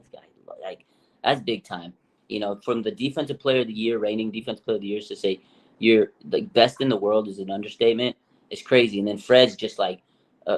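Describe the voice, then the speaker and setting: A man co-hosting a casual sports talk show, an animated storyteller full of hyped praise. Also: on the low side. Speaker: podcast co-host.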